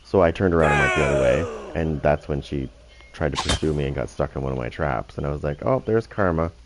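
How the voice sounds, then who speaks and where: A man's voice: rumbling low, steady tone, fast talker, very noisy. A man hosting a gaming channel, talking casually and profanely over his gameplay, often restarting his sentences.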